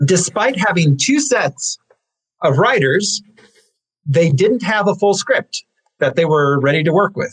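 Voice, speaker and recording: Man, podcast co-host, casual chat, relaxed, slightly higher voice. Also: unhurried, slightly rough, poor audio. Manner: relaxed, with fillers and small laughs. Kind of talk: casual chat, reading film credits.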